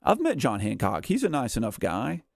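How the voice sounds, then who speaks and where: This thirtysomething gaming streamer has a mid-range voice with vocal fry and a darkish tone, his pitch swooping wildly at a moderate pace. He rambles casually through his livestream, full of "like" and "uh" and frequent chuckles, in a dry, studio-quality recording.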